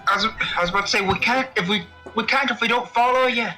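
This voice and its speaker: A man's voice: very high voice, fast, pushed and bright, faint music behind, rough recording. A man joining a casual game stream, curious and wry in his comments.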